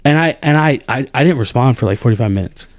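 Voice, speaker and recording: A man in a casual podcast chat, venting with exasperation and rising to high incredulous outbursts. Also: fast, dry recording, clean studio sound. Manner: animated and exasperated, voice jumps up when incredulous. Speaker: podcast co-host.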